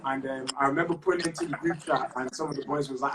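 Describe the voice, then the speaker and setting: A man's voice: mid-range voice, steady tone, quick pace, a crowd in the background, rough recording. A young man from Ireland, a guest on a live chat, speaking politely with many fillers. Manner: polite, says "yes, sir", hesitant with fillers. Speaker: guest, protest organizer.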